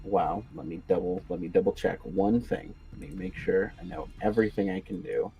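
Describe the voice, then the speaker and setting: Gravelly low-voiced man playing a game. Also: fairly even intonation, brisk, highs cut off, faint music behind. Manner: hesitant, thinking aloud. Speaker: player. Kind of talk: casual tabletop game chat.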